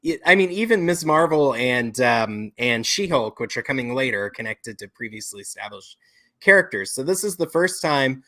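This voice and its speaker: Male co-host, casual, measured, agreeable, mid pitch. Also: animated, sharp tone. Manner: measured, agreeable, lots of mm-hmms. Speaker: podcast co-host. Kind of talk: casual chat.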